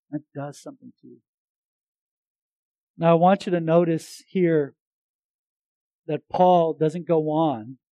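A man preaching a sermon to a congregation, swinging between loud emphatic lines and hushed earnest ones, with light jokes between points. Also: a little high, no echo, muffled recording.

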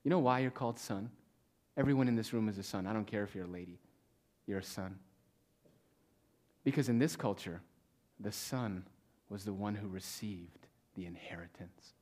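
Man preaching, loud to hushed. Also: lowish voice. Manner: swings from loud emphatic preaching to hushed near-whispers; reads scripture aloud with slow stressed pauses. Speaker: pastor. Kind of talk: sermon. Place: church in front of a congregation.

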